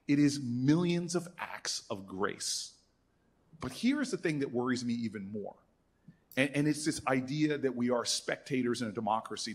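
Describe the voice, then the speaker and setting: A man in his fifties with a husky, somewhat breathy voice, telling lively stories to an audience. His pitch sits in the middle range. He jumps into the voices of the people he quotes. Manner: animated storyteller who acts out quoted voices. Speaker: senator speaking at an alumni event. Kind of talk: storytelling speech.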